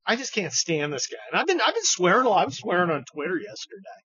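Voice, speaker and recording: A podcast host offers casual political commentary that is heated, sarcastic and profane. His voice is high with big pitch swings, fast and sharp-toned, carrying a little hiss or hum, and the studio recording sounds dull and dry.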